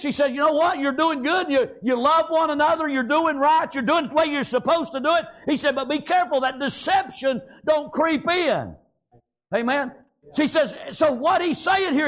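A man preaching a revival-style sermon, reading scripture slowly, then breaking into emphatic shouts with frequent amens and praise Gods. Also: very high voice. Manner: drawn-out scripture reading with pauses; breaks into shouts on key points.

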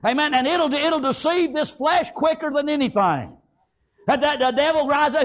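High-voiced man preaching a fiery sermon. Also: expressive, moderate pace. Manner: fervent, punctuates with amen and praise God; breaks into shouting.

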